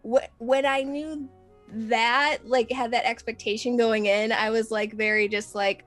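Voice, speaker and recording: A woman's voice: a little high, level tone, unhurried, a bit bright, faint music behind. A young woman in her twenties, a guest in a casual chat, laid-back and full of fillers.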